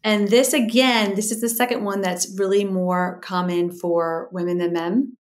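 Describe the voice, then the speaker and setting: Animated middle-aged woman explaining on a podcast. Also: mid-range voice, a little slow. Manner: animated, acts out quoted voices, explains in lists. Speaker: guest communication expert. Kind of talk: podcast interview.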